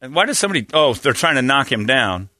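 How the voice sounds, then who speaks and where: A man hosting a morning radio show, telling stories and reacting loudly with lots of laughter. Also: medium pitch, fast talker, dry recording, studio quality. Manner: loud exclamations, laughing, animated storytelling. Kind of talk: casual radio banter and storytelling. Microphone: studio mic.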